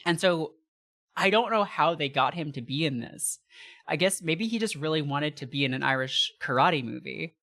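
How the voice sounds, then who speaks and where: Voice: medium pitch, animated, moderate pace, sharp tone. A guest on a comedy podcast, talking in a chatty way with many restarts. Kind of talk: casual comedic chat.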